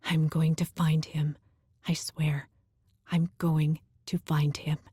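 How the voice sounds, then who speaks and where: A woman's voice: sits low, flat delivery, takes it slowly, warm tone, slightly rough, no echo, clean studio sound, heavily acted. A woman narrator voicing a guilt-ridden young man, whispered role-play with gasping, tense delivery. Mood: vowing. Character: guilt-ridden young male water elemental, volatile.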